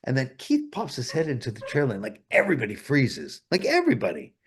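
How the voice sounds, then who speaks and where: A man's voice: medium pitch, wildly swooping pitch, fast talker, a little hiss or hum. A male guest telling stories in a casual interview, rambling and swearing a lot. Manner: profane, rambling, full of fillers.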